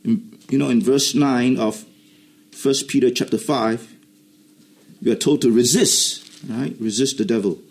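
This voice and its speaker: A man preaching a sermon, explaining Greek words and rising to animated emphasis. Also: medium pitch, measured pace, vocal fry. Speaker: pastor.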